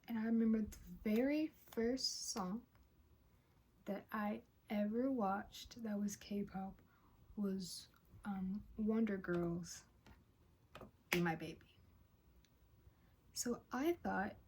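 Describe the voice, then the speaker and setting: A woman's voice: medium pitch, mellow, husky. A nineteen-year-old woman hosting a casual reaction vlog, chatty and slangy, with lots of "like" and "um.". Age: late teens. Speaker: reaction channel host.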